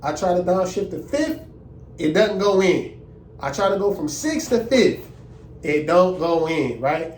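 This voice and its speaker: A young man telling a story in a casual, animated, indignant way and using lots of slang. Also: sits high, unhurried, echoey room, distant mic, slight background noise. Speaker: vlogger.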